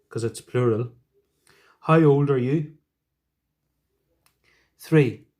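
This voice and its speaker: A man teaching a Spanish lesson, explaining patiently step by step with gentle asides. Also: medium pitch, takes it slowly, pauses often. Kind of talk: recorded classroom lesson.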